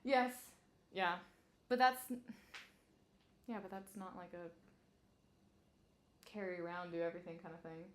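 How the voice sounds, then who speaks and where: A woman's voice: on the low side, unhurried, long pauses. A young woman hosting a casual chat, hesitant and full of fillers, often laughing. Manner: giggly, hesitant, lots of fillers. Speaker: channel host.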